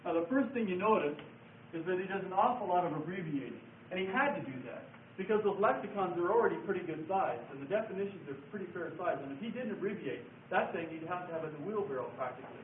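A man's voice: high voice, animated, quick pace. A man teaching a Bible study class, explaining things patiently and repeating key words as he writes on a board. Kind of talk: classroom lecture with board writing. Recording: echoey room from far off, phone-like lo-fi sound, faint hiss.

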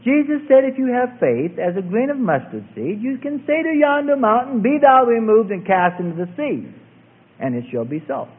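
A man preaching a sermon with emphatic delivery, swinging from loud calls to hushed passages. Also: very high-pitched, sing-song, moderate pace, slightly rough. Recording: tinny lo-fi phone-like recording.

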